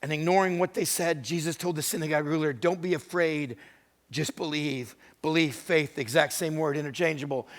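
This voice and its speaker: A male pastor delivering a sermon, retelling scripture stories with acted-out voices, moving between hushed, intimate moments and loud, emphatic ones. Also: fairly high pitch. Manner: dramatic storytelling, acting out voices of scripture figures.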